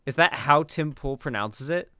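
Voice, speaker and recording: A man's voice: medium pitch, moderate pace, bright, forceful tone, clear, resonant tone, no echo, clean studio sound. A man hosting a commentary channel, reacting to a debate clip with casual, chatty talk and sarcastic asides.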